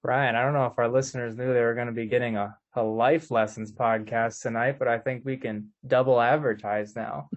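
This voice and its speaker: A man's voice: mid-range voice, steady tone, a little fast, hardly any pauses. Man hosting a podcast, dull lo-fi sound. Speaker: podcast host. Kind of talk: casual podcast interview.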